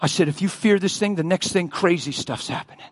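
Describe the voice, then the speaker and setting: A man preaching a sermon as a story, animated, acting out voices and screams and often laughing. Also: high voice, brisk.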